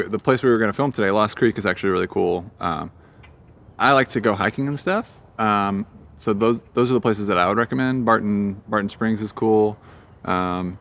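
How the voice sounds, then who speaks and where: A young musician chats in a casual outdoor interview on a park greenway, his voice sitting fairly low. He rambles easily, loose and unhurried, filling gaps with ums and uhs. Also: vocal fry, a bit bright. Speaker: singer-songwriter guest.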